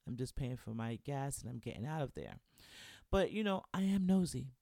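A man's voice: on the high side, no echo, studio quality. A young man hosting a solo podcast in a casual, chatty way. He keeps encouraging his listeners and checking in with them. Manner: chatty and encouraging, constantly checking in with "right?" and "you know". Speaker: podcast host.

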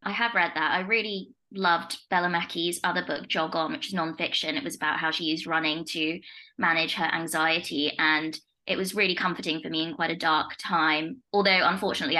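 Chatty young woman co-host, bright and slightly low voice, casual legal podcast talk. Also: steady tone, quick pace, rough recording. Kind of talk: casual chat.

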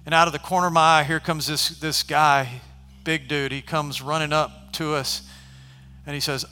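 A man preaching a sermon, telling stories casually and at times shouting. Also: on the high side, normal speed. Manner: animated, shifts from conversational to shouting. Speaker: pastor. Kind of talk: sermon storytelling. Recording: long hall reverb.

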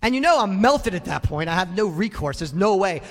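A male pastor preaching a sermon in a church sanctuary, animated and conversational with touches of humor. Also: high voice, brisk, long reverb tail.

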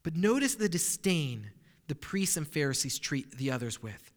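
A man's voice: fairly high pitch, sing-song, moderate pace, big-room sound. A male pastor preaching a sermon, emphatic and full of rhetorical questions.

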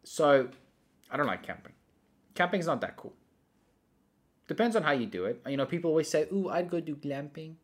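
A young adult man in casual chat, telling rambling stories in animated bursts. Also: fairly high pitch, normal speed, pauses often. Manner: rambling, animated storytelling that often breaks into laughter.

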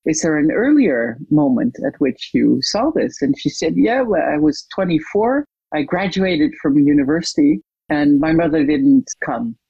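Interview guest, coach, storyteller, husky, dull lo-fi audio, acts out quoted lines. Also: medium pitch, dry recording. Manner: lively retelling, acting out quoted dialogue.

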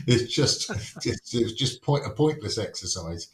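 A man's voice: medium pitch, animated, a little slow, few pauses. A man talking casually as a podcast guest, wry and full of anecdotes, often acting out little quotes. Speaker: wargames rules writer, podcast guest. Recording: roomy echo.

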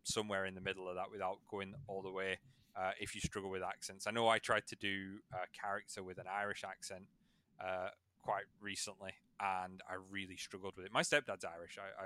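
Smooth bright-voiced man. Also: sits low. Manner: relaxed and rambling, with many fillers. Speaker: podcast host and game master. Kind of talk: casual chat.

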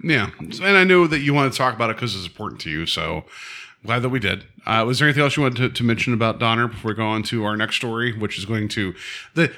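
A man with a bright, forceful voice co-hosts a casual chat show. He talks in an animated, eager way, jumping quickly between thoughts. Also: mid-range voice. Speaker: podcast co-host.

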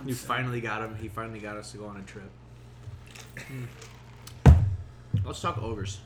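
A man's voice: fairly low pitch, steady tone, normal speed, very noisy. A man hosting a podcast in loose, joking casual chat, swearing freely. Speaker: podcast host. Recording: roomy echo.

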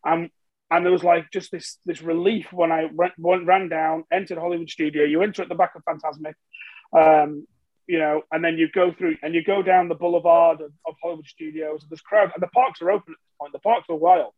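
A man from tells a story in a loose, chatty way. He pokes fun at himself and trips over his words, and his voice sits fairly high. The sound is dry and close to the mic. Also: level tone, fairly quick, no echo, narrow, tinny audio. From England. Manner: chatty and self-mocking, with frequent fillers and restarts. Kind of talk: casual storytelling.

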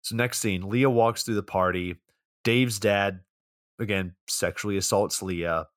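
A young man with a low-pitched voice recaps a film's plot in a loose podcast chat. He rambles through it with plenty of fillers and little polish. The sound is dry and close, with no room echo. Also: fairly even intonation, unhurried, a bit bright. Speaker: podcast co-host. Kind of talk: casual movie recap.

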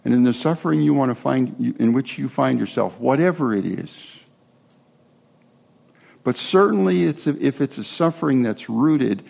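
This sermon comes from a male pastor whose medium-pitched voice carries a gravelly creak and moves at a normal speed. He talks in an easygoing, conversational way with asides and restarts, captured on a dull, lo-fi recording.

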